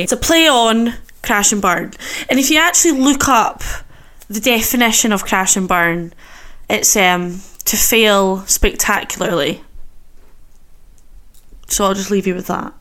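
A woman's voice: mid-range voice, fairly bright tone. A chatty, giggly woman of twenty-five, hosting a solo podcast and nervously poking fun at herself. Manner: chatty, giggly, self-mocking. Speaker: podcast host.

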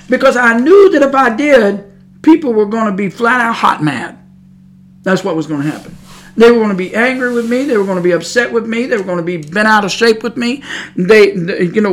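A woman's voice: mid-range voice, a little fast. Emphatic preaching woman, drawl. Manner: emphatic, repetitive, scolding. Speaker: podcast preacher. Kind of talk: preaching monologue.

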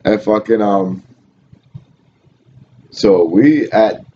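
Casual podcast host, a man with a lowish voice. Loose, swearing storyteller on a dull, lo-fi track. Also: extremely slow, mellow. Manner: loose, profane storytelling with lots of laughing. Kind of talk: casual chat. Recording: dull lo-fi sound with faint noise.

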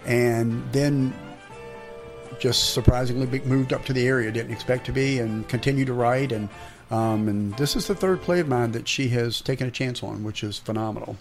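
Male playwright guest, easygoing and hesitant, mid-pitched voice. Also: normal speed, faint music behind. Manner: relaxed, hesitant with "um"s and small laughs. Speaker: playwright and theatre director, guest. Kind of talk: casual interview.

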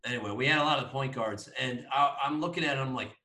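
Swearing and laughing, a young man co-hosting a laid-back podcast tells a meandering story. His voice sits at medium pitch, fairly even in intonation, with a sharp tone at normal speed. The distant mic picks up an echoey room.

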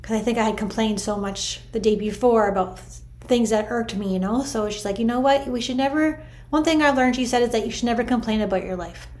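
A middle-aged woman telling viewers a personal spiritual story in a chatty, animated way, full of "like" and "I'm like". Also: a little high, a little fast. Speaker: vlogger sharing a spiritual story.

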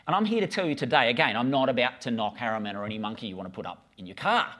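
A man's voice: mid-range voice, lively intonation, rapid-fire, few pauses, fairly bright tone. A middle-aged man, preaching a casual, conversational sermon with frequent stammered restarts. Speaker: pastor.

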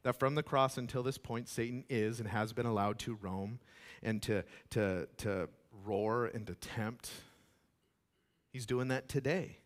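A male pastor preaching with emphatic conviction at a mid-range pitch. He swings between loud declarations and hushed asides, and acts out the voices he quotes. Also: measured pace. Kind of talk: sermon.

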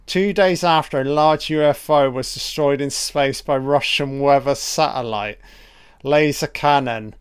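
A man's voice: medium pitch, measured pace, clean tone, no room sound, clean studio sound. A man giving a profane, sarcastic film commentary, ranting in exasperation. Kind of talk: audio commentary rant.

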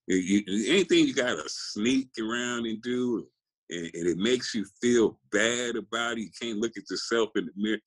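A man's voice: lowish voice, a bit bright, low-quality recording. A man in his sixties from California, a guest telling rambling, profane stories in casual interview chat.

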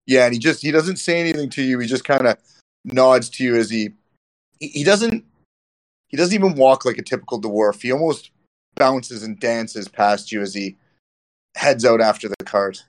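A man's voice: mid-range voice, moderate pace. A man running a tabletop role-playing game, narrating scenes and speaking in character between descriptions. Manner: switches between narration and in-character dwarf talk. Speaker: dungeon master.

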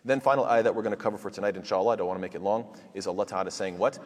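A man giving a Quran commentary lecture at a quick clip, his voice a little husky. He fires off rhetorical questions and answers them himself, dropping into rapid Arabic recitation. The sound carries a long reverb, as if from an echoey room. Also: on the low side, fairly even intonation. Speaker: Quran teacher.

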